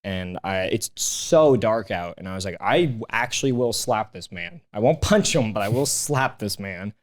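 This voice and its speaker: Profane, animated man telling stories. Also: on the low side, moderate pace. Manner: animated, profane, acts out quoted voices. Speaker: guest comedian. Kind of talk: casual podcast chat, storytelling. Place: podcast studio.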